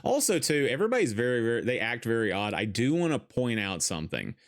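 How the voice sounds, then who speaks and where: A man's voice: medium pitch, fast. Guy hosting a podcast, chatty and bouncy, laughing and cussing as he goes, voice all over the place. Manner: animated, laughs often, swears casually. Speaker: podcast host. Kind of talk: casual chat while watching a film.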